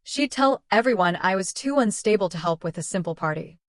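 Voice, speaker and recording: A woman narrating a first-person drama story in a steady, even reading voice. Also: mid-range voice, brisk, no room sound.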